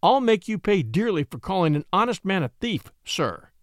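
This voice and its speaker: A man voicing a cool, cunning young attorney in a story reading, smooth and commanding. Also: sits high, sing-song, normal speed, no room sound, clean studio sound. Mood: indignant. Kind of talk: audiobook character voice.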